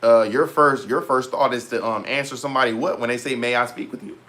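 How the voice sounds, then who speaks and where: A young man vlogging in a casual, animated rant to his viewers, full of slang and repeated asides. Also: mid-range voice, a little fast. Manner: animated, heavy slang, repeats "bro" and "petty". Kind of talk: casual storytelling rant to camera.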